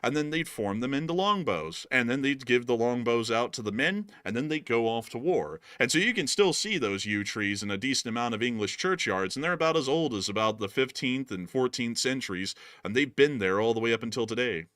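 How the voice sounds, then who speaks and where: A man hosting a casual livestream chat, animated and quick to laugh. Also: mid-range voice, dry recording, studio quality. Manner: animated, laughs loudly, drawls "y'all". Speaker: host.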